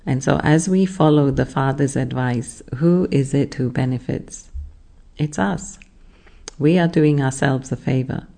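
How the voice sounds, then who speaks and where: A spiritual teacher giving a measured, explanatory class talk, often pausing on rhetorical questions. The voice is gravelly and mellow. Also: mid-range voice.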